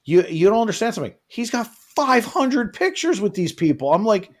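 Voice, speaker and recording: A man chatting on a live travel stream, and his voice runs a little high. He swings widely in pitch as he spins stories and mimics the people in them. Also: moderate pace. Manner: animated storytelling, acts out quotes. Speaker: co-host of a travel show. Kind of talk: casual livestream chat.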